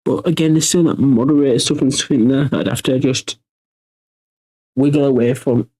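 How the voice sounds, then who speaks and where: A man's voice: medium pitch, normal speed, mellow, rough recording. Rambling man chatting on stream. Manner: rambling, thinks aloud with many restarts. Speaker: streamer hosting a workshop. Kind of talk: casual livestream chat.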